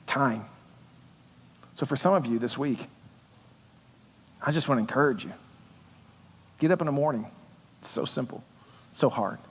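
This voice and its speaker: A man preaching a sermon as pastor in a church, talking conversationally and building to loud intensity. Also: medium pitch, slightly rough, big-room sound. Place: church auditorium.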